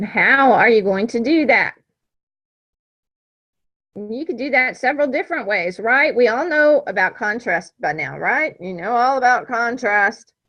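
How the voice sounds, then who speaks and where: A woman's voice: on the high side, a bit bright, muffled recording. A woman teacher giving a classroom lecture, talking conversationally and checking understanding with frequent "right?".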